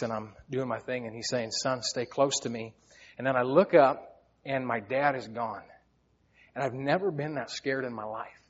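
A man's voice: medium pitch, breathy edge, muffled recording. A man preaching a sermon, telling personal stories in an earnest, heartfelt way, often repeating words as he goes. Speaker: pastor.

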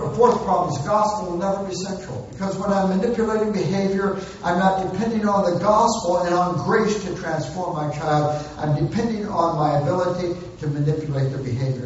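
A man's voice: high-pitched, moderate pace, darkish tone, slight background noise. A man preaching a sermon on parenting, acting out parent and child lines for humor. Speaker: pastor. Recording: very echoey hall, distant mic, dull sound.

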